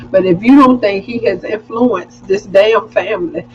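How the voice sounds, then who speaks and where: A woman in her forties co-hosting a casual livestream chat, telling family stories with animated flair. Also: mid-range voice, a little slow, hardly any pauses, dull audio, a little hiss or hum. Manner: animated storytelling, acts out her kids' voices. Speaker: co-host of a couples show. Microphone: webcam livestream.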